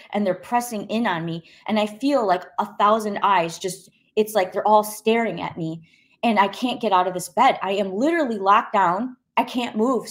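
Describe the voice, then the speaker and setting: Woman telling a vivid personal testimony. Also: medium pitch. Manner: vivid and emphatic, acting out quoted voices. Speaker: guest sharing a personal testimony.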